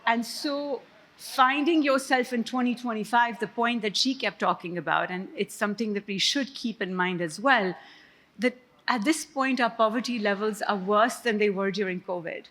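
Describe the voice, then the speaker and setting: A woman's voice: a little high, moderate pace, a bit bright. A woman, an economist speaking on a conference panel in a conversational storytelling manner. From Pakistan. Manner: conversational, self-deprecating storyteller. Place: conference stage before an audience.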